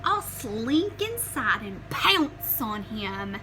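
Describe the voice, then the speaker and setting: A storybook cat with a bright, high voice, as a woman reading aloud puts her on. She speaks slowly and deliberately and rises shrilly when she calls for help. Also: very animated, soft background music, exaggerated voice. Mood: confident. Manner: smooth and sure, then shrill cries for help. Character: confident cat who later panics.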